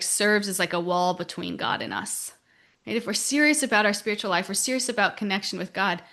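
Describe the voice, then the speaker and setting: Bright-voiced woman leading a discussion. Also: medium pitch. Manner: encouraging, reflective, with frequent likes. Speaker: podcast discussion leader. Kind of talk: casual group discussion.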